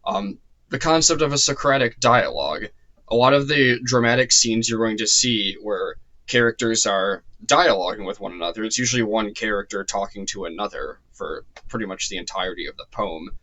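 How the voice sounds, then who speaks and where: A man with a low-set but bright, forward voice gives a relaxed spoken lecture. He talks loosely, with frequent ums and self-corrections. His voice sounds slightly worn, as if he is starting to lose it. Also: moderate pace, muffled recording. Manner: loose and chatty, heavy with ums and restarts. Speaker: course lecturer.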